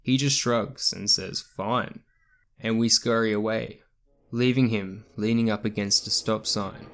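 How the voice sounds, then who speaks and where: A man with a low voice reads a first-person horror story in an even, measured narration. Soft background music sits faintly under his words throughout.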